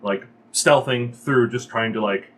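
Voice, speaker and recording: A man's voice: medium pitch, a little slow, a bit bright. Hesitant male player. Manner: hesitant, many fillers. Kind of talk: casual tabletop play.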